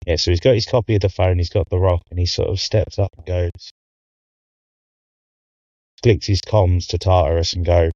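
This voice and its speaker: A man playing a tabletop game, calmly describing his character's actions step by step. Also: low-pitched, normal speed, long pauses, dry recording, highs cut off. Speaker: player.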